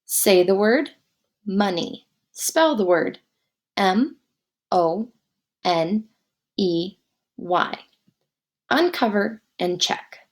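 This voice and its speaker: Here a woman teaches spelling, pronouncing words slowly and breaking them down letter by letter. She speaks at a medium pitch and sounds expressive.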